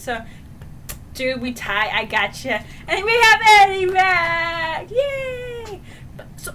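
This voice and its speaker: A woman recapping a book in a casual review, excitable and prone to shouting out the big moments. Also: sits high, slight background noise. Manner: excitable, retells scenes with shouts and sound effects.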